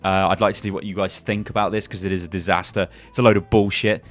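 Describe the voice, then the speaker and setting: A man's voice: low voice, little pitch movement, fast talker, soft background music. Swearing man ranting angrily. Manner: ranting, heavy swearing, frequent restarts. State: angry. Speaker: YouTube gaming channel host. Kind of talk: angry commentary video.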